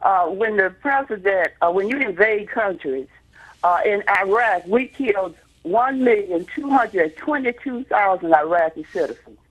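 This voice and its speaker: High, husky-voiced male caller, lecturing with lots of uhs, phone line. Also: expressive, measured pace. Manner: lecturing, many filler uhs. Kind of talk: call-in radio talk.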